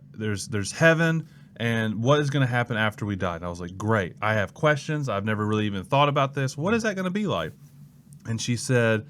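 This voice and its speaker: A young Mississippi man, a student pastor, shares his story in a casual interview with a lowish voice, and the recording has a little hiss or hum. He tells it vividly, performing the voices of people he quotes.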